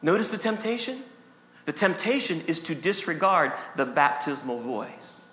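Male pastor, high bright voice, emphatic repeating sermon, roomy church reverb. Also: sing-song, moderate pace. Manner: emphatic, repeats phrases for stress. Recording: echoey hall reverb.

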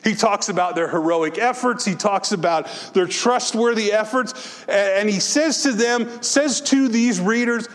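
High-voiced preacher in a reverberant hall. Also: male voice. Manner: rising to impassioned exhortation, dropping to soft reflection. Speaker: pastor. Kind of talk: sermon.

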